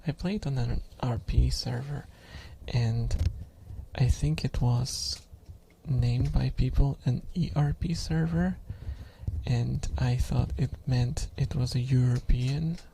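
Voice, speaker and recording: A young man rambles in a soft-spoken ASMR stream, his close-miked voice gravelly with fry. He talks slowly, chuckles often and drifts into whispers now and then. A clear hiss runs steadily under the recording. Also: medium pitch, steady tone.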